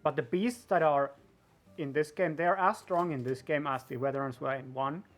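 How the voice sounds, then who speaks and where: A man's voice: a little high, normal speed. A man giving playful, joking speedrun commentary. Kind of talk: casual commentary.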